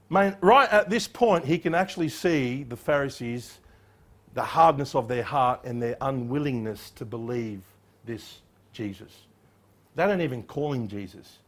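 A man preaching an expository sermon, emphatic and animated, acting out the voices in the passage he reads. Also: mid-range voice, moderate pace. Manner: emphatic, acts out quoted voices.

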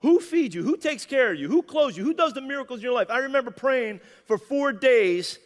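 A high-pitched man preaches with lively energy, pausing for amens from his listeners. His voice carries a long reverb, as in a church hall. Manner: animated, calls for "amen". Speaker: pastor. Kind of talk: sermon.

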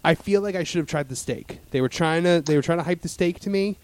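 A man's voice: on the high side, fast, a little mellow. A man in casual chat as a podcast host, rambling with lots of fillers and restarts.

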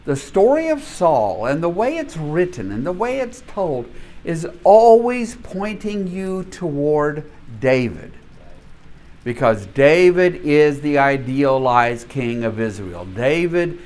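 A man in his seventies teaching a church Bible study class in a chatty, animated way, quick to laugh. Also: fairly high pitch. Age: 70s.

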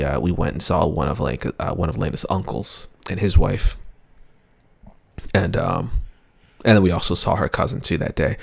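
A young adult man, a podcast co-host, telling a rambling family story in casual chat with many halting restarts. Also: deep voice, vocal fry, a little mellow, husky.

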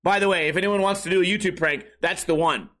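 High, bright-voiced man telling a sarcastic story. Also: fast. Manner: sarcastic, exaggerated, profane. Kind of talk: comedic storytelling rant.

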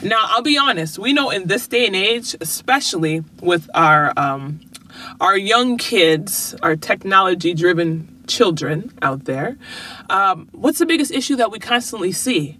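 A mother speaks straight to her viewers with earnest, motivational parenting advice. Her voice is bright and forward. She often asks rhetorical questions and then answers them herself. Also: mid-range voice, lively intonation, unhurried, slight background noise.

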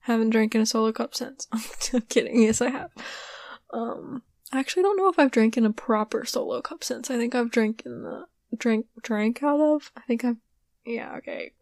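A young woman hosting a podcast, telling a rambling story in a casual way, her voice hoarse and giving out, with lots of giggles and fillers. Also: on the high side, normal speed, darkish tone, no echo. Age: young adult. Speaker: podcast host.

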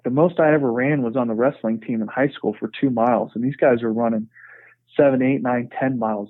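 A man in the middle of a frank, earnest story, speaking at an ordinary pitch and leaning on "you know" as he goes. The sound is narrow and tinny, like a phone line, and bone-dry with no room around it. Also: no echo. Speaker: podcast guest. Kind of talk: conversational storytelling.

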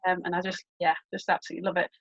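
A woman's voice: on the low side, level tone, racing. Woman, podcast guest, chatty explainer, muffled remote sound. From born in England, raised in Birkenhead. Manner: chatty, explanatory, many fillers. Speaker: guest, humanist celebrant. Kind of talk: casual podcast interview.

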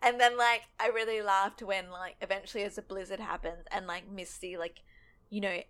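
A woman chats through a TV episode with her co-host, bright and forceful in tone. She keeps breaking into quick impressions of the characters and swears casually as she goes. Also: medium pitch. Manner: animated, acts out characters' lines mid-story. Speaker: podcast co-host. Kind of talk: casual recap chat.

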